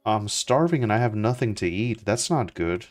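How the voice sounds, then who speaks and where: A young man chatting casually as he plays, relaxed and rambling with lots of fillers and restarts. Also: lowish voice, moderate pace, soft background music. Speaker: gaming streamer. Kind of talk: casual gameplay commentary.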